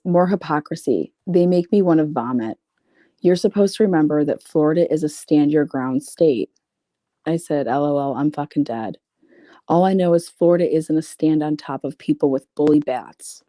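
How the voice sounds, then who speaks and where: A woman's voice: deep voice, moderate pace, warm tone, dry recording, studio quality. A woman reading out private messages and commenting on them in a blunt, profane, sarcastic way. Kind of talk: casual commentary reading screenshots.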